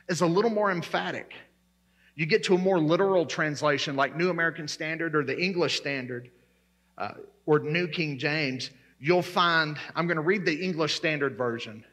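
Emphatic preaching man, bright and husky. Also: high voice. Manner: emphatic, repeats key words while preaching. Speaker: pastor. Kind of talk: sermon.

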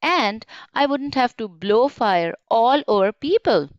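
A woman's voice: on the high side, expressive, takes it slowly, no echo, highs cut off. A woman reading as a sad storybook dragon. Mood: plaintive. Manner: plaintive, reasoning. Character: sad grumbling male dragon who cooks with fire.

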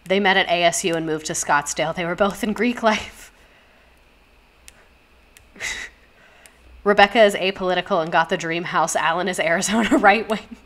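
A young woman hosting a casual livestream, reacting to house listings with animated gasps, swearing and constant asides to her chat. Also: on the low side. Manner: animated, gasping, profane, talks to chat directly. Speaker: livestream host.

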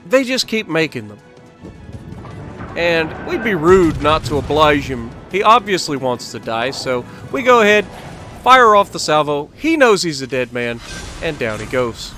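A man narrates his gameplay in a casual, playful way, joking with his viewers and sometimes scolding the game. His voice sits fairly high and bright. Soft game music plays underneath. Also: very animated, a little slow. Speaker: gaming channel host.

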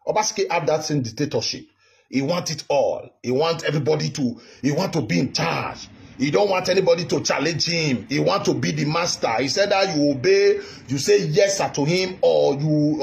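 With a gravelly, somewhat high voice, a fifties-aged Nigerian commentator from Edo State rants indignantly about politics to the camera. He is heated and keeps repeating himself in this vlog monologue.

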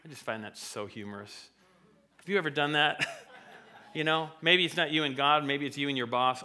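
A man's voice: a little high, brisk, bright, forceful tone. A man preaching a sermon in church, talking conversationally and acting out voices from the stories he tells. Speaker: pastor. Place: church sanctuary.

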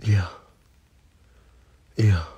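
A young man telling a gossipy story on a livestream, dramatic, with sudden high shrieks and whispers. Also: extremely slow, warm tone, no room sound, muffled recording. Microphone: phone.

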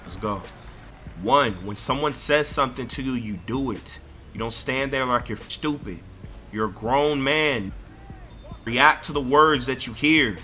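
A young man on headset voice chat during a basketball video game, bossy and argumentative, getting loud and defensive. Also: mid-range voice, unhurried, faint music behind. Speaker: gamer streaming a pickup basketball game. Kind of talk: heated gaming voice chat.

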